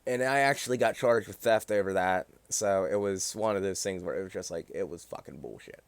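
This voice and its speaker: A man's voice: low-pitched, brisk, no room sound. A young man from Pennsylvania telling a personal story on a livestream in a rambling, profane, indignant way, with many fillers.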